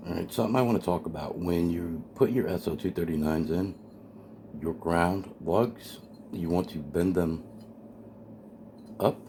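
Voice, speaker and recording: A man's voice: sits low, measured pace, pauses often, dark tone. A man eagerly talking through the assembly of a radio kit at his workbench, explaining each step as he goes. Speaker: amateur radio hobbyist building a kit. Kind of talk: hands-on kit assembly walkthrough. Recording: noisy home video recording.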